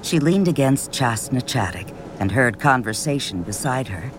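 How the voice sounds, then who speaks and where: A man reading a novel aloud in measured scripted narration, lifting his voice for quoted characters. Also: medium pitch, expressive, music in the background. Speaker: audiobook narrator.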